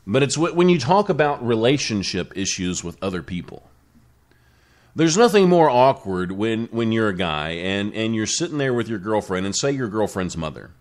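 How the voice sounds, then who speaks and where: A male radio talk show host speaking in a casual solo monologue, rambling and often restarting his sentences. His pitch moves around a lot, rising and falling as he talks. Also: very animated, moderate pace. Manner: rambling, self-correcting, with frequent restarts.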